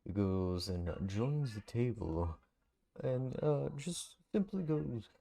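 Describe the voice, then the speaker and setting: A man playing a tabletop game, describing his character's moves in a hesitant, halting way. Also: mid-range voice, big pitch swings, creaky, mellow, husky. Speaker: player.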